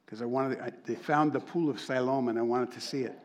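A middle-aged man preaching, telling a personal story with lively energy and acting out the voices of people he met. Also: mid-range voice, brisk. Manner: animated storyteller, acts out quoted voices. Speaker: pastor. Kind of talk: sermon storytelling.

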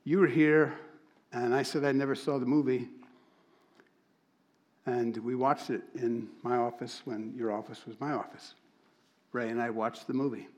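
A man preaching to a congregation, telling a story and acting out the dialogue with lively, animated delivery. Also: mid-range voice, normal speed, long pauses. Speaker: church speaker.

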